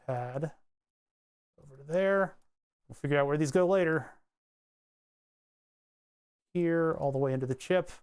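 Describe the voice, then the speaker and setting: A man giving a casual electronics tutorial, thinking aloud as he traces a circuit board, rambling and joking and grumbling wryly about his software. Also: fairly high pitch, smooth. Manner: rambling, joking, mutters while drawing. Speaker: electronics hobbyist explaining circuit tracing.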